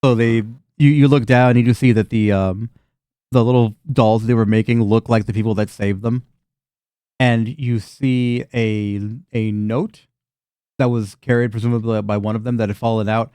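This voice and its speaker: A man's voice: mid-range voice, fairly even intonation, normal speed, mellow, smooth, dry recording. A man narrating as the game master of a tabletop game, describing scenes in a loose, rambling way with many restarts.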